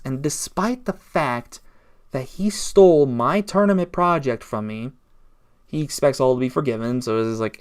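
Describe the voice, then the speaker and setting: A man records a story-time vlog at home, recounting a grudge in an aggrieved, rambling way. He restarts his sentences often and piles up clause after clause. His voice sits at an ordinary middle pitch. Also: a little mellow, clean tone. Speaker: YouTuber.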